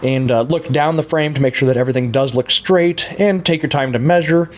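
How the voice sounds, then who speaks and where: A man's voice: fairly high pitch, a little fast, slight background noise. A man casually narrating a bicycle frame build in his workshop, laid-back and chuckling often, with plenty of "uh" fillers. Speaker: hobby frame builder and vlogger.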